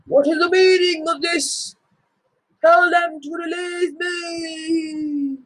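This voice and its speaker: A man's voice: extremely high pitch, steady tone, dry recording, pitched above the performer's own voice, full character voice, poor audio. A boy doing a wailing, pompous dethroned sky god. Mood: outraged. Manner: wailing, shouting, drawn-out threats. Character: furious overthrown male sky god, pompous.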